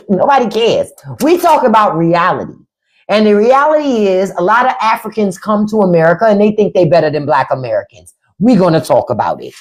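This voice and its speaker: A woman's voice: mid-range voice, sing-song, moderate pace. A woman hosting a livestream, talking in a blunt, profane and sarcastic way. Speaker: livestream and podcast host. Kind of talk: unscripted livestream commentary.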